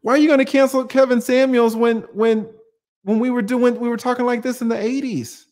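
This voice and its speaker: A man's voice: very high-pitched, fairly even intonation, a little fast, a little mellow. A man hosting a livestream, talking emphatically to viewers, firing off rhetorical questions and casual swearing while he answers their comments.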